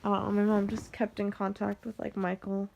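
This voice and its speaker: Talking fairly quickly in a monotone, a young female vlogger rambles on about her family, leaning heavily on "like" and restarting again and again. Her accent is General American from the Western US; her mid-range voice has vocal fry and a darkish tone, with a little hiss or hum in the background.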